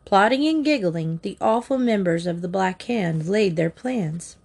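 A woman narrating a children's storybook aloud in a measured, expressive way. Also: medium pitch, creaky, slightly rough. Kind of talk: audiobook narration.

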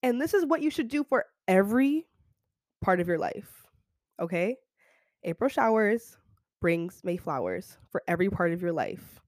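Young woman host, solo podcast, chatty and slangy, mid pitch, dry close sound. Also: moderate pace, no echo. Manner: animated, slangy, keeps checking in with "okay?". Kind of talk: casual solo podcast chat.

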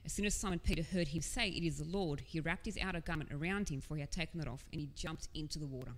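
Low-voiced woman preaching in a reverberant hall. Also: quick pace. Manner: conversational, earnest, with casual asides. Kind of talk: sermon.

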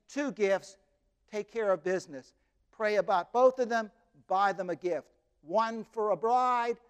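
A man telling a story expressively, with dramatic pauses and emphatic repetition. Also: very high-pitched, clear, resonant tone.

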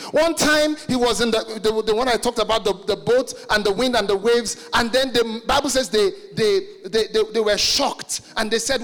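A man from Nigeria preaching a sermon, animated and joking, shouting some points and stretching words. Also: high voice, moderate pace, few pauses, in a large hall, faint music behind.

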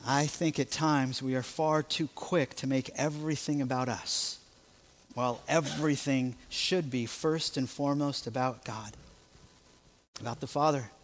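A man's voice: medium pitch, steady tone, unhurried. A male pastor with an American accent preaching a sermon, emphatic and full of rhetorical questions.

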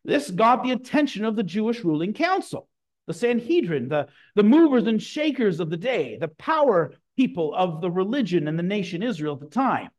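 A man preaching a sermon, emphatic and lively, with casual asides to his congregation. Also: sits high, moderate pace. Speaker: pastor.

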